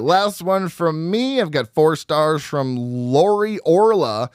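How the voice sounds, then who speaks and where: A man co-hosting a horror film podcast in casual chat, animated and quick to laugh as he reads out reviews. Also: on the high side, clean tone, no room sound, clean studio sound. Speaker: podcast co-host.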